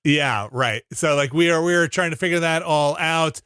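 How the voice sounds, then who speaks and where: Bright, animated male podcast host. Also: on the high side, moderate pace, clear, resonant tone, dry recording, clean studio sound. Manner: animated storyteller, acts out quoted lines. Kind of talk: casual podcast chat.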